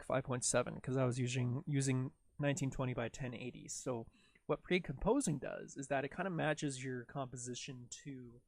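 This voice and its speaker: Man, relaxed livestream editor, rambling and jokey, gravelly edge, dry mic. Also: medium pitch, no echo. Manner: rambling, self-narrating, jokey. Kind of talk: casual live tutorial talk.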